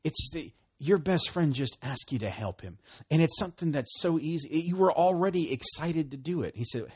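Male preacher, casual sermon, animated delivery, slightly husky, very lively intonation. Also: a little high, moderate pace. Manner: animated, acts out voices of prayer and God.

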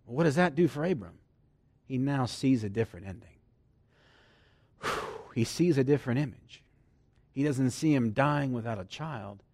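A man preaching a sermon who swings from loud emphasis to hushed near-whispers and laughs often between points. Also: medium pitch, husky, dry recording.

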